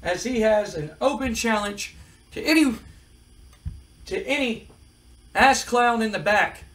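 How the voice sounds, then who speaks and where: A man doing a cocky loudmouth wrestling champ. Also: high voice, lively intonation, a little slow, distant mic, voice pushed up, low-quality recording. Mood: boastful. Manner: loud, boastful, insulting. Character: cocky arrogant male wrestling champion taunting fans.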